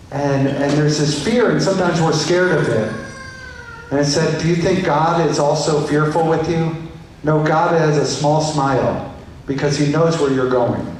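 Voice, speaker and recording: Gentle pastor in an echoey church hall. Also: male voice, fairly high pitch, distant mic, slight background noise. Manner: gentle, halting, heartfelt, with many restarts. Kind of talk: memorial eulogy.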